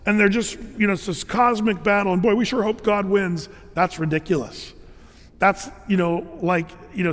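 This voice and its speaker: Male pastor, high pitch, chatty sermon delivery, lots of fillers, reverberant church room. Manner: conversational, filler-heavy, animated emphasis.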